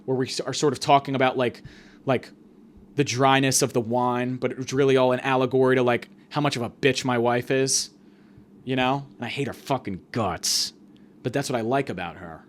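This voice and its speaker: A man hosting a podcast, rambling through a crude comedic monologue full of fillers and deadpan exaggeration. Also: mid-range voice, normal speed. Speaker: podcast host.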